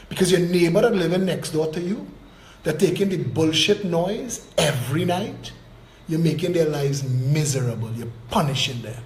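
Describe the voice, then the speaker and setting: A man's voice: high-pitched, a little mellow, roomy sound. A man giving an emphatic campaign speech as a political candidate. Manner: emphatic, declamatory, rising and dropping with emphasis.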